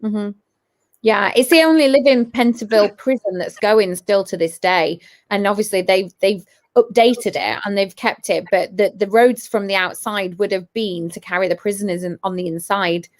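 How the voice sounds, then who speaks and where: Woman ghost hunter, mid-pitch, eager storyteller, stumbles and repeats. Casual chat. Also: moderate pace. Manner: eager, restarts and repeats phrases. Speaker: paranormal investigator.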